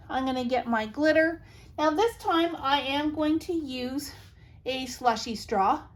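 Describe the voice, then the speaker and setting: A middle-aged woman hosting a craft tutorial, chatty and reassuring as she gives practical tips step by step. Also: fairly high pitch.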